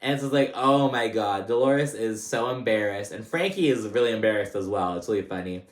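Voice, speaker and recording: Speaking fairly quickly in a low-leaning voice, a man gives a casual, meandering rundown of a reality show episode, peppered with fillers and false starts. He gets animated over the funny moments, and the room sounds big and echoey.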